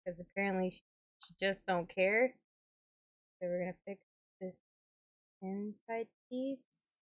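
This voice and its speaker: A woman vlogging casually as she works on a doll with her hands, chatty and quick to exclaim. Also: mid-range voice, steady tone, no echo, lo-fi sound. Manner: chatty, exclaims and laughs while working. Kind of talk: casual hands-on vlog talk.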